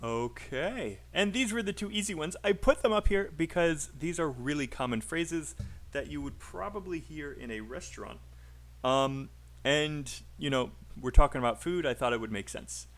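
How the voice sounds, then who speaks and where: A man's voice: a little high, animated, moderate pace, a bit bright. A man teaching English pronunciation on a live stream, chatty and encouraging, calling out names from the chat.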